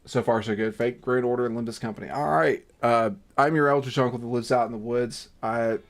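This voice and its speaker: A man's voice: medium pitch, fairly even intonation, fairly quick. A man hosting a gaming livestream, reading game text aloud between profane, self-mocking banter and exasperated outbursts.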